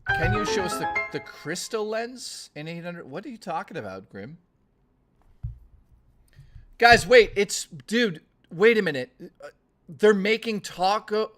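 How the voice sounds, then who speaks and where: A man chatting casually on a livestream, ranting in a profane, excitable way and jumping from topic to topic. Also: high-pitched. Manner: jumps topic to topic.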